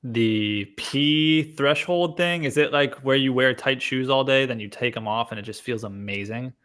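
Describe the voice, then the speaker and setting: A man's voice: medium pitch, moderate pace, fairly bright tone, smooth. A man co-hosting a casual podcast chat, teasing the others with dry jokes. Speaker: podcast co-host.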